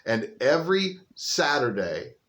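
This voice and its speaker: A man's voice: mid-range voice, big pitch swings, a little slow, a bit bright. Folksy older man preaching outdoors. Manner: folksy, chatty storytelling. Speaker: pastor. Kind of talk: informal livestreamed sermon. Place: outdoors on a windy day. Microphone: phone on a selfie stick.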